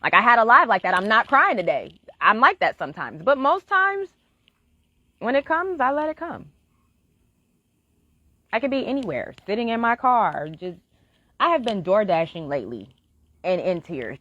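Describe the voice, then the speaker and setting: A woman speaks frankly in a candid live-stream monologue, cursing freely and pressing her point with heartfelt encouragement. Her pitch swings widely from line to line. The sound is dull and lo-fi, with a dry, close feel. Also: sing-song, moderate pace, long pauses, bright, forceful tone, no room sound. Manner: blunt, frank, swears freely.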